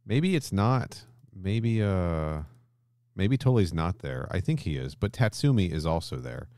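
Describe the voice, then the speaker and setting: A man hosting a podcast in casual chat, retelling a story with animated energy, acting out characters' lines and swearing freely. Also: deep voice, unhurried, no echo, clean studio sound. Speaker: podcast host.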